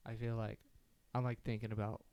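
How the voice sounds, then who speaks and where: A man's voice: fairly low pitch, little pitch movement, brisk, a little mellow, lo-fi sound. A teenage boy rambling in casual chat with friends, full of fillers. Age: teens. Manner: rambling, filler-heavy, laughs often. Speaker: podcast co-host.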